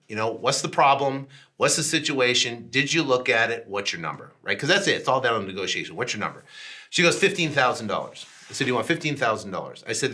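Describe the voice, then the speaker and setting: Bright-voiced man telling a deal story. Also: mid-range voice. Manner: animated, acts out both sides of phone calls; frequent restarts and "right?" tags. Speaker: podcast host. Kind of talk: casual storytelling.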